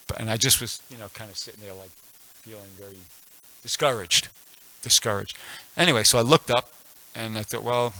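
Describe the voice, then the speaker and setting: A lowish, gravelly voice with a sharp edge comes through poor audio. The speaker, a man in his sixties, tells a personal story during a casual temple scripture class, rambling and restarting often, with plenty of fillers.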